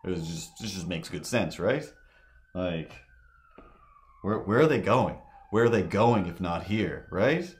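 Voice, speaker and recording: A man's voice: sits low, animated, measured pace. A man chatting loosely on a live stream, telling rambling stories full of fillers and restarts. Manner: meandering, filler-heavy storytelling.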